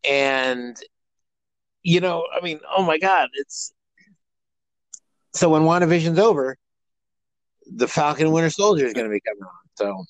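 A man's voice: on the high side, animated, measured pace, long pauses, no echo, poor audio. A man co-hosting a podcast, chatting casually and rambling with many fillers and restarts. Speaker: podcast co-host. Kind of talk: casual chat.

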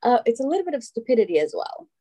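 Frank, lively woman guest from Albania, middle-aged, warm and mellow in tone. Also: a little high, rapid-fire. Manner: animated, frank storyteller. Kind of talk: casual conversation.

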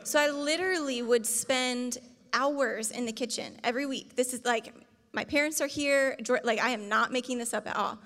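A woman's voice: a little high, normal speed, fairly bright tone. A woman in her thirties co-leading a sermon with her husband, telling a family story in a frank, emphatic, casual way. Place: church stage before a congregation. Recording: long reverb of a large hall.

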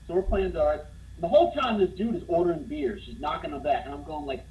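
A man telling a funny bar story in casual conversation, getting more animated as he goes. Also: fast talker, a little hiss or hum, poor audio. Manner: animated, gets louder and higher as the story builds.

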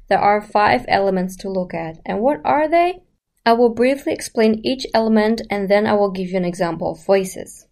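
A woman's voice: medium pitch, darkish tone. Woman coaching on voice, casual lesson, talks right at you, lots of "right?" questions. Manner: chatty, direct to the listener, asks rhetorical questions.

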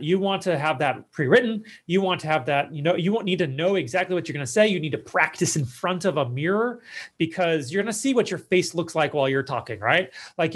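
High-voiced chatty man hosting a podcast. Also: expressive, brisk. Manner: chatty, self-deprecating, joking asides. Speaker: podcast host and speaking coach. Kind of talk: casual advice monologue.

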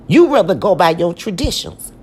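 A woman's voice: fairly low pitch, big pitch swings, moderate pace, slightly rough. A woman giving an informal Bible teaching, emphatic and repeating her phrases as she preaches.

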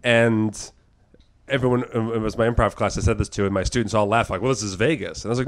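A man co-hosting a podcast in casual chat, telling animated stories, acting out quotes and swearing freely. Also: lowish voice, very fast. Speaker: podcast co-host.

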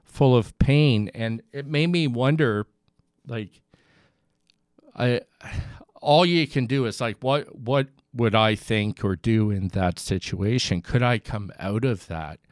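A man hosting a podcast, talking in a halting, thoughtful way with frequent restarts. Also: mid-range voice, no echo, clean studio sound. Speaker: podcast host. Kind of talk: casual podcast conversation.

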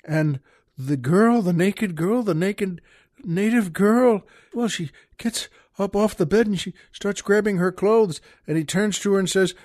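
Slow folksy man telling a joke. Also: high voice, a little mellow, dry recording, studio quality. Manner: slow, folksy storyteller who chuckles at his own jokes. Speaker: podcast host. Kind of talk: joke telling and poetry reading.

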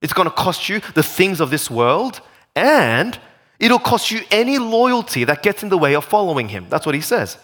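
A man preaching a sermon, his voice riding high and swooping up and down as he builds each point. He speaks with animated energy and stacks up rhetorical questions, like a pastor addressing his congregation. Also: normal speed.

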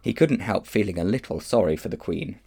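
A man reading a children's novel aloud in an expressive storytelling manner. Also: lowish voice, fairly quick, creaky, breathy edge. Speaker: children's book reader.

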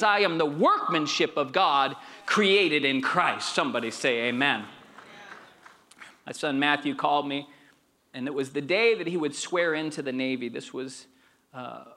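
Bright-voiced man preaching a sermon. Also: high voice. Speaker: pastor.

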